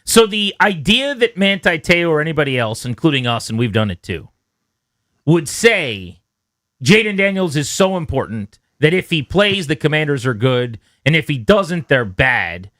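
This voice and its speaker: A man hosting sports talk radio, his voice sitting a little high. He sounds dry and close in the studio as he works through his analysis with easy, conversational digging. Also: sing-song, moderate pace, a bit bright, dry recording. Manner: conversational, analytical, drills into points.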